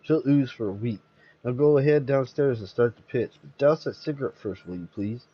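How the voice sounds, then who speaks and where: A man voicing a gruff, scheming male sidekick swindler, impatient and snappish. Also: medium pitch, normal speed, dry recording, lo-fi sound, natural voice.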